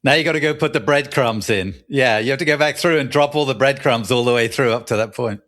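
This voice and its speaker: A man with a British accent softened by years in the US, co-hosting a casual podcast. He talks in an easygoing way and laughs between his phrases. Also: medium pitch, quick pace. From United Kingdom. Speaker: podcast co-host.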